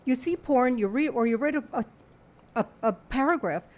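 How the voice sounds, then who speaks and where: A woman's voice: on the high side, moderate pace. Playful accented woman author. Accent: foreign accent. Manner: playful, flirty, laughs often. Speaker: author guest. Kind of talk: casual talk show interview.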